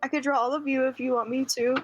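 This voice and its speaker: A young woman playing in a tabletop game, giggly and answering quickly in character. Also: high voice, fairly even intonation, no echo, muffled recording, soft background music. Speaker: player. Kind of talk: tabletop role-play.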